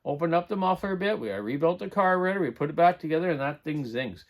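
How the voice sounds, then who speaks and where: A man's voice: on the high side, lively intonation, fast talker. A middle-aged man giving a casual hands-on repair demonstration in his workshop, rambling and correcting himself as he works. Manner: rambling, talks while working, self-correcting. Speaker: chainsaw repair host. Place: home workshop.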